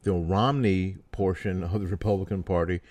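Deep-voiced, blunt, sarcastic man. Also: fairly even intonation, normal speed, darkish tone, dry recording. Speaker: talk show host. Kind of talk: opinion monologue.

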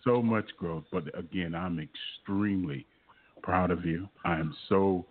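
A man's voice: sits low, unhurried. A man hosting a radio call-in show, effusive and affectionate, laughing a lot as he talks with his guest. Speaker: radio host. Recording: tinny phone-quality line with faint noise.

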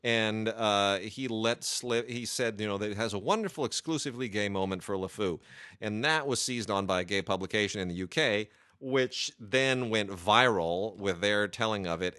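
A man with a voice a little on the low side talks casually about new home video releases. His delivery is chatty and rambling, often stopping for filler sounds before he finds his point. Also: fairly bright tone. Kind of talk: casual chat.

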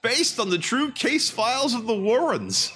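A man co-hosting a podcast in casual chat, running a quiz and sometimes rattling off words fast. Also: extremely high pitch. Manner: lively, quizzing, sometimes rapid. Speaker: podcast co-host.

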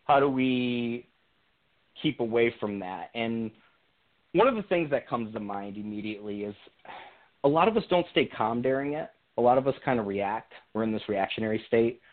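A young man telling a personal story on a call to a radio show, thinking out loud with many restarts. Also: mid-range voice, expressive, moderate pace. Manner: reflective, earnest, many restarts and fillers. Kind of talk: casual conversational storytelling. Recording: tinny phone-line sound.

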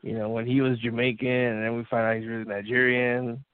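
A man's voice: mid-range voice, flat delivery, brisk, smooth, dry recording. A man co-hosting a casual sports talk show, easygoing and agreeing. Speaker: podcast co-host. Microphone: phone call. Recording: tinny phone line, dry.

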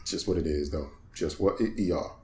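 Laid-back low-voiced man, dry humor. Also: moderate pace, a little mellow. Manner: laid-back, dry asides, swears casually. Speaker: podcast co-host. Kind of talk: casual comedic chat. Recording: echoey room.

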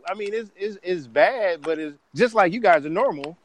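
A man's voice: high voice, moderate pace, background noise. A man telling stories in a casual podcast chat, full of restarts and profanity. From Bay Area, California. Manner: animated storytelling with restarts and profanity.

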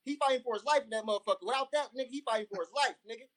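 A man's voice: extremely high pitch, very fast, a bit bright. A man insisting on his point in casual slang-heavy banter.

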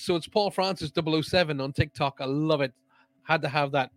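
A man's voice: a little high, fairly even intonation, fast, no room sound. A man hosting a live-streamed show, chatting casually and reading out viewer comments in an upbeat way.

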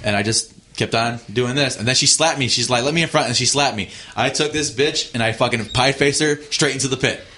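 Bright-voiced man swearing casually. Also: mid-range voice, fairly quick, husky. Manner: casual, swears freely, acts out quotes. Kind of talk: casual chat.

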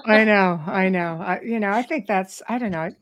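Middle-aged woman hosting a live show, robust lively voice, chatty. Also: mid-range voice, moderate pace. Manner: robust, animated speaker. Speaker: host. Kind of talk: casual chat.

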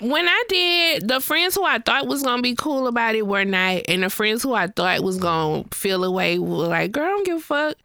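A woman's voice: mid-range voice, moderate pace, hardly any pauses, clean tone, no echo, studio quality. A woman co-hosting a podcast, chatting casually and acting out what her friends said as she tells stories. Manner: animated storytelling, acts out quoted friends. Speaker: podcast co-host. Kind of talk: casual chat.

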